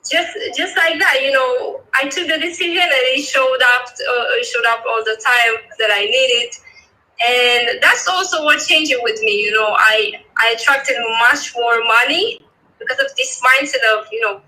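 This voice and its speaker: Soft-spoken woman, bright and high. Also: rough recording. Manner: soft-spoken and halting, full of "you know". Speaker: coaching client and guest. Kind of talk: casual interview.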